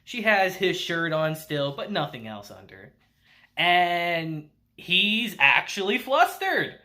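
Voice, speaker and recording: A man's voice: high-pitched, big pitch swings, takes it slowly, bright, forceful tone. A man casually recapping and reviewing an anime episode, laughing often and swearing freely.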